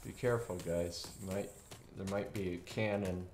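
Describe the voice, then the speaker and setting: A man's voice: sits low, steady tone, moderate pace. A man playing a military shooter with friends, talking casually and getting panicky under fire. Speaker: gamer. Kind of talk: casual gameplay chat. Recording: echoey room with loud game noise.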